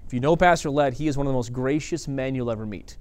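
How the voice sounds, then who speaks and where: A man giving a conference teaching talk, telling stories with lively quoted dialogue and frequent restarts. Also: mid-range voice, fast talker, clear, resonant tone. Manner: animated storytelling with quoted dialogue. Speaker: church staff leader.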